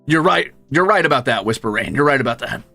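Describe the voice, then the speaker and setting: Young man, streamer, gravelly, bright, animated storytelling, swears casually, faint music behind. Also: fast talker. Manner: animated storyteller, jumps into high squeaky voices when quoting. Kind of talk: casual chat while gaming.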